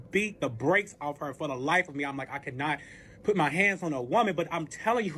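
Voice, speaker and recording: A man's voice: sits high, fairly bright tone, a little hiss or hum. A man animatedly retelling a cheating story, profane and dramatic, acting out quoted arguments. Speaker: storyteller guest. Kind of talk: casual storytime.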